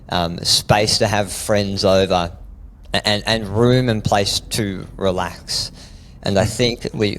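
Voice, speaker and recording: A laid-back Australian man with a notably deep, low voice. He chats easily as an interview guest, dropping "mate" into his answers. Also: slight background noise, poor audio. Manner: relaxed, easygoing, says "mate" often. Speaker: guest, fitness expert. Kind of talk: casual interview chat.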